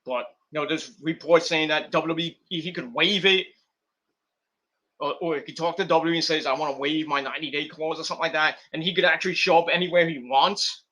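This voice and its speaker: A young man hosting a wrestling stream, rambling in casual commentary and acting out scenes with quick put-on voices. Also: on the high side, sharp tone.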